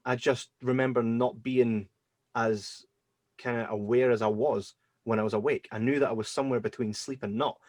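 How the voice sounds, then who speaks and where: A man hosting a podcast, telling personal stories in a casual, animated way and acting out his own reactions. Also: mid-range voice, moderate pace, no room sound. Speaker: podcast host. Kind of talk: casual storytelling chat.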